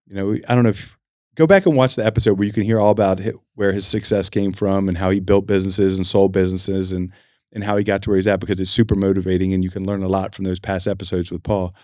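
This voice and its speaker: A man hosting a podcast in a studio, chatting casually and telling stories with lively acted-out quotes. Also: sits low, quick pace, no echo. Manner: animated storyteller, acts out quotes. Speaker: podcast host. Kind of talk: casual chat.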